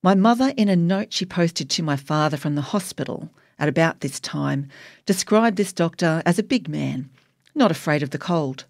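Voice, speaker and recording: A woman's voice: deep voice, expressive, moderate pace, darkish tone, dry recording, studio quality. A woman narrating her memoir in a wry, emotionally charged audiobook reading.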